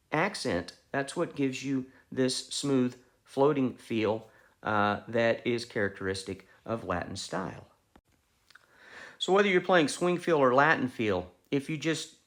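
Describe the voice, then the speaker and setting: Man teaching music, lively pitch. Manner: explanatory, restarts with repeated words. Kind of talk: online music lesson.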